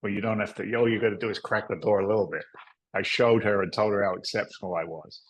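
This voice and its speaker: A man's voice: fairly low pitch, fairly even intonation, fast talker, rough recording. A middle-aged man, a guest on a podcast, telling candid, rambling stories in casual talk and now and then cursing. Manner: candid, rambling, salty, with frequent "right?" asides. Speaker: podcast guest, real estate investor. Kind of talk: casual storytelling interview.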